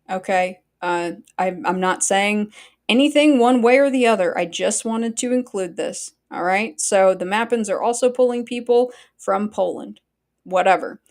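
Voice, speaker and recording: A woman's voice: mid-range voice, a little slow. A woman hosting a live stream, chatting casually and bluntly with her viewers, swearing freely and wandering off into asides. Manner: blunt and profane, talks straight to chat; chatty asides and frequent fillers. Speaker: livestream host.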